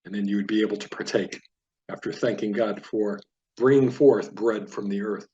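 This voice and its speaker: A man teaching a Biblical Hebrew reading lesson, patiently sounding out each word and then explaining it at a relaxed teaching pace. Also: lowish voice, muffled recording. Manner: patient, explanatory, repeats words slowly for learners.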